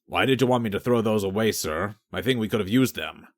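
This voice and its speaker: Reading an audiobook, a man does the voice of a dim, literal-minded sergeant, going low, soft and deadpan. His pace is brisk and the acting light.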